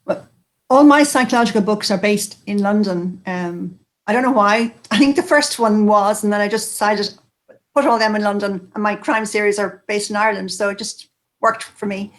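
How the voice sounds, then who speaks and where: A woman author musing in a relaxed way on a panel over a video call. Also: mid-range voice, moderate pace. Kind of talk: casual panel discussion.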